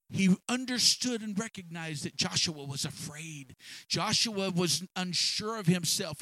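A man preaching a sermon, reading scripture slowly and swinging between loud, emphatic bursts and soft, low asides. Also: no echo. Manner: reads scripture slowly with stretched words. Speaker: pastor.

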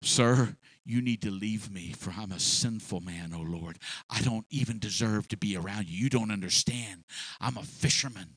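A man's voice: on the low side, normal speed, slightly rough, dry recording, voice pushed down. A preacher acting out an impulsive fisherman. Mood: ashamed. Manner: exclaiming, stammering confessions. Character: rough impulsive male fisherman, humble. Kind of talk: dramatized sermon retelling.

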